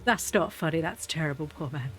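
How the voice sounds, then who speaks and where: A woman's voice: low voice, fairly quick, soft background music. A woman hosting a game video, chatting casually and animatedly, often cracking up with laughter. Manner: giggly, animated, easily cracks up. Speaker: gaming video host. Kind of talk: casual gameplay commentary.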